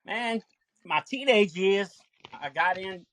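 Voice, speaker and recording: A man, a podcast guest reminiscing about his childhood in a relaxed way. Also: sits high, takes it slowly, dry recording. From Westbank of New Orleans. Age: 60s. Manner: relaxed reminiscing, many fillers. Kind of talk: casual interview chat.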